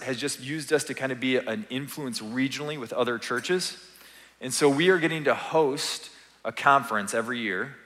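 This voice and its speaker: A man's voice: medium pitch, sharp tone. Earnest male pastor preaching in a reverberant church. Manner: earnest, encouraging, conversational preaching. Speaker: family pastor. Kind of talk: sermon. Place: church sanctuary.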